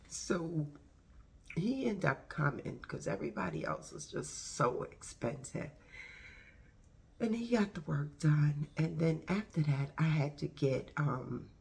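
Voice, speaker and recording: A woman's voice: low voice, creaky. A woman telling a story casually to her video camera at home, chatty and rambling with frequent asides. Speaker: vlogger.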